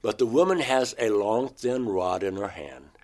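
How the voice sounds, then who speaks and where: Low-voiced man telling an emotional story. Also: animated, normal speed, a little mellow. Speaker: interviewee recounting an experience. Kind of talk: personal testimony in an interview.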